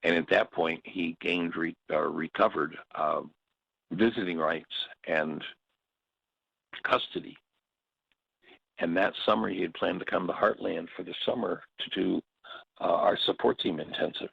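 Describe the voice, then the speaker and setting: A man's voice: sits low, measured pace, gravelly, pauses often, breathy edge, no echo, muffled recording. A man teaching a workshop, telling stories and slipping into short acted quotes. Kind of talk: reflective spoken teaching.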